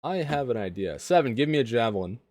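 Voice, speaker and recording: A man at a tabletop game session explains a plan step by step, stopping and restarting as he works it out. His pitch moves in a lively way, and the recording is close and dry. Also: fast, no echo. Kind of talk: casual play.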